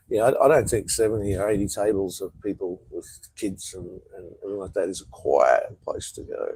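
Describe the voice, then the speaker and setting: A man's voice: low-pitched, fairly quick, hardly any pauses, warm tone, husky, no echo, poor audio. A man with an Australian accent, rambling in a laid-back way as he chats casually on a live stream from an outdoor patio. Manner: rambling, laid-back, reads out viewer comments. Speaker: vlogger.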